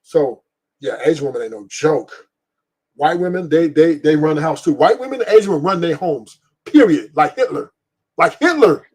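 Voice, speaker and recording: A middle-aged man with a husky, slightly raised voice hosts a casual stream. He talks bluntly and profanely, rambles from point to point and laughs at his own stories. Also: fairly high pitch, animated, moderate pace, warm tone. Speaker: podcast host. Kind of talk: casual opinion talk on a live stream.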